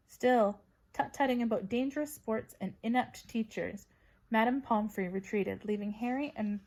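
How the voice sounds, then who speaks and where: A woman narrating a children's fantasy novel with expressive reading. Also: medium pitch. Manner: expressive, voices characters. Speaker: audiobook reader. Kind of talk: storybook narration.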